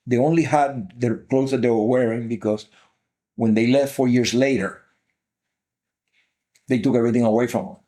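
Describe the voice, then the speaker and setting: An older man with a Cuban Spanish accent speaks in a mellow, darker tone. He tells his life story earnestly as an interview guest, pressing his points by repeating them. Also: mid-range voice. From Cuba. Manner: earnest, emphatic, repeats key phrases.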